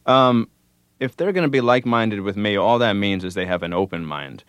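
A man with a very low, smooth and resonant voice talks through his answers in a radio studio. He muses without hurry and drifts through plenty of "uh"s and "um"s. The sound is close and dry, with no room around it. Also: animated, dry recording. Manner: thoughtful, unhurried, with frequent fillers. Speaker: musician guest. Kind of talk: relaxed radio interview answers.

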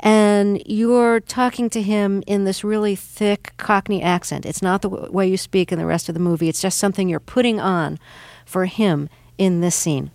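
A woman hosting an interview, asking measured, carefully framed questions. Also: medium pitch, fairly even intonation, a little mellow, dry recording. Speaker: interviewer, radio host.

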